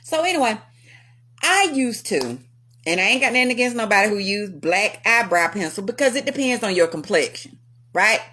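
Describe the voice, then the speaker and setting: A woman's voice: mid-range voice, moderate pace. A woman hosting a vlog, telling personal stories to her viewers with frequent laughter. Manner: animated, laughs often, talks to viewers. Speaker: vlog host. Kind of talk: casual storytelling commentary.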